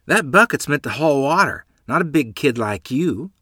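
Brief: man voicing eager country boy, lively and slightly raised. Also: a little high, normal speed, husky, no room sound, clean studio sound, pitched above the performer's own voice, exaggerated voice. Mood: boyish. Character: cheerful young boy, a friend.

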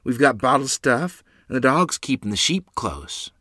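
A man's voice: mid-range voice, sing-song, moderate pace, bright, forceful tone, slightly rough, dry recording, studio quality, voice pushed up, heavily acted. Man doing a frightened young frontier boy. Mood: reassuring. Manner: pleading and anxious.

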